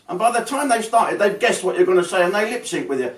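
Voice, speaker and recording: A man's voice: sits high, animated, fast talker, few pauses. A man hosting his own show with a rambling, sweary, mock-outraged comic monologue. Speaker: host. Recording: roomy sound from a distance.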